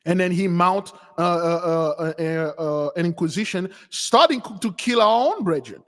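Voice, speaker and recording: A man with a high voice preaches through a story, animated and acting out its people. His voice carries a long, hall-like reverb. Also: normal speed. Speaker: spiritual teacher. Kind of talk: storytelling sermon.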